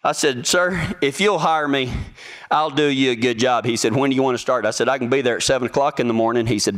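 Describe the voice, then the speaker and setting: A young man with a medium-pitched, somewhat bright voice talks a little fast. He tells a casual, folksy story that amuses him, acting out the voices of the other people in it.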